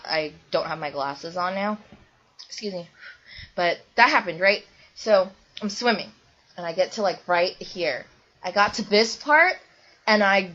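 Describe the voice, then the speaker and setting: A young woman vlogging casually to camera, rambling with lots of ums and likes. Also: lowish voice. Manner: rambling, many ums and likes, bursts into loud squeals when retelling. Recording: dull lo-fi webcam audio.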